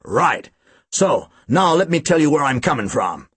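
A man voicing a drunk, gruff American man of about forty with an American accent, speaking in a slow growling drawl. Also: fairly high pitch, very animated, fairly bright tone, dry recording, full character voice. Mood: blunt.

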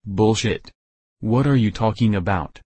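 A man voicing a gruff, menacing sheriff, in an audiobook. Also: fairly low pitch, a little slow, a little mellow, dry recording. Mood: furious. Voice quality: gravelly. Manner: snarling, threatening.

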